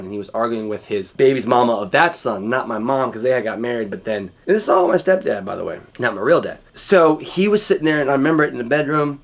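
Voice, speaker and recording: A man telling a personal story to the camera in a candid, rambling way, swearing freely. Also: medium pitch. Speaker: vlogger.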